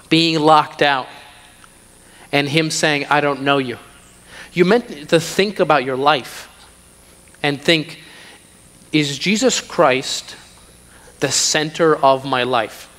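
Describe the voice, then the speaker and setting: A man's voice: fairly high pitch, a bit bright. A man preaching a sermon in a church, emphatic, repeating phrases for stress. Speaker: pastor. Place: church sanctuary. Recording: long hall reverb.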